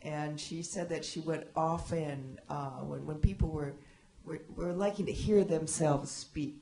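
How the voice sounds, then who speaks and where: A woman's voice: sits low, creaky, a crowd in the background. Woman reminiscing, echoey hall. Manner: halting, many restarts and fillers. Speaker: panelist. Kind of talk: reminiscing on a panel. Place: library event room.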